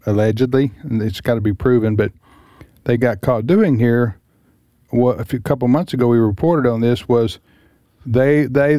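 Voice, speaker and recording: A man's voice: medium pitch, warm tone, no echo. Guy hosting talk radio, lots of uhs and restarts, dry close sound. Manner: hesitant, many restarts and fillers. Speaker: radio talk show host. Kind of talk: casual radio chat.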